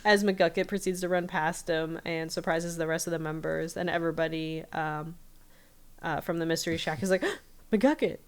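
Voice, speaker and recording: A woman's voice: sits low, level tone, normal speed, clear, resonant tone. A woman podcast host casually recapping a cartoon episode in a chatty storytelling way.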